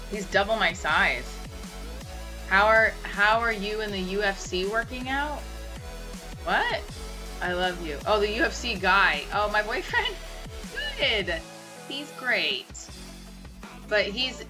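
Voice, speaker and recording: A young woman rambling casually through a home livestream, chatting and answering comments with the odd swear word. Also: mid-range voice. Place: room at home.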